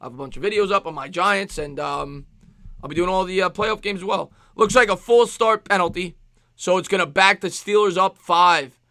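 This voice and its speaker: A man with a New York accent streaming live play-by-play football commentary, excitable, with rhyming calls and thanks to chat viewers. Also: high-pitched, normal speed, no echo, studio quality. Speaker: sports streamer.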